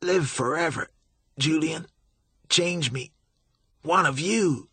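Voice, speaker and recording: Guy putting on a high, husky, gasping voice for a dying lackey, begging in broken whispers. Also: slow pace, pushed and bright, dry recording, exaggerated voice. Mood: pained begging. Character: dying broken young man begging, pained.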